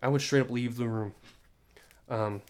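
A man's voice: medium pitch, fairly even intonation, normal speed, a little mellow. A young man hosting a solo podcast, rambling in an exasperated, joking rant with many restarts. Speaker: podcast host.

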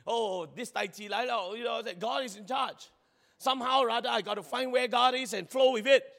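A man preaching a sermon in a lively, chatty way, laughing often and acting out little scenes. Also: very high voice, a little fast, vocal fry. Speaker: pastor. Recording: long hall reverb.

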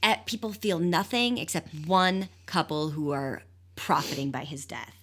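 A woman's voice: sits low, expressive, moderate pace, fairly bright tone, breathy edge. A woman co-hosting a podcast, chatting casually about a book in a joking, playful way with casual swearing. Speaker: podcast co-host.

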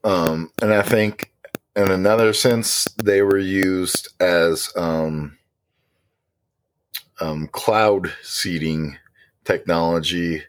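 A man's voice: sits low, steady tone, extremely slow. A man co-hosting a casual conspiracy podcast, rambling with many ums and restarts. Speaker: podcast co-host.

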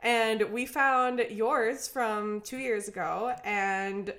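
Young female co-host from Minnesota, bright fairly high voice, chatty storyteller who acts out every quote. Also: very slow. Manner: animated, acts out quotes, says "like" constantly. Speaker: podcast co-host. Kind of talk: casual storytelling chat.

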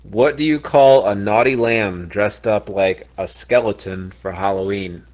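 Male co-host, low voice, emphatic, punchline-driven banter. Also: measured pace, a little mellow. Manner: emphatic, telling corny jokes. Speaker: podcast co-host. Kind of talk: casual chat.

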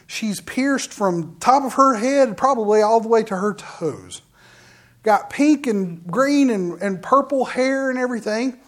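A middle-aged preacher is in full storytelling flow. The preacher speaks in the middle pitch range and talks straight to the congregation. Lively asides keep breaking into the story, and sentences often restart halfway. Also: measured pace. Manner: addresses the audience directly with asides. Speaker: minister. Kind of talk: sermon testimony to a congregation.

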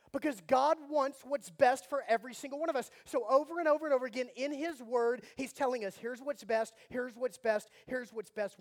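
A man, preaching a sermon with animated storytelling and mock outrage, moving from soft prayer to loud bursts. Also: very high-pitched. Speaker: pastor.

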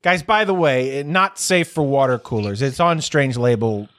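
A man co-hosting a podcast in casual chat, talking haltingly with many fillers and restarts. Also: mid-range voice, a bit bright, no echo. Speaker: podcast co-host.

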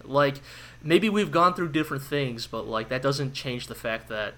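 Bright-voiced man in animated podcast chat. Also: mid-range voice, moderate pace, slight background noise. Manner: animated, many fillers and restarts. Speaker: podcast co-host. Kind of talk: casual chat about anime.

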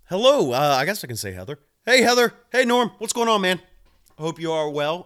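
His voice is high-pitched and sing-song, brisk, a bit bright, and clean in tone. He's a man running a live stream, drinking beer while he answers viewers, talks to them directly, and rants in a fired-up, heavily profane way.

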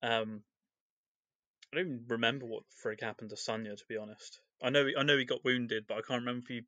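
Bright, rambling podcast co-host man. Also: medium pitch, fairly even intonation, quick pace, dry recording, lo-fi sound. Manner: rambling, filler-heavy recap. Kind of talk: casual book discussion.

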